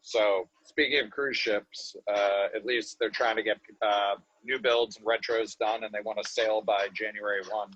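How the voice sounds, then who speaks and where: Low guy on a muffled call line just passing along news. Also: fairly even intonation, moderate pace, hardly any pauses, a bit bright, dry recording. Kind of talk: casual chat. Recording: dull lo-fi call audio.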